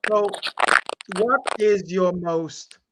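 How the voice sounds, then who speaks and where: A man's voice: high-pitched, extremely slow. A man interviewing a guest, plainly summing up her answers. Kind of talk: interview questions. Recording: loud background noise.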